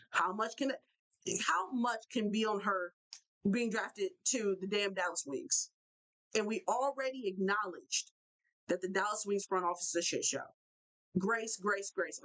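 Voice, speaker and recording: A young woman hosting a live basketball talk show, ranting in an animated way and repeating herself for emphasis. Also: medium pitch, rough recording. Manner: animated, repetitive, fired-up ranting. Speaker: show host.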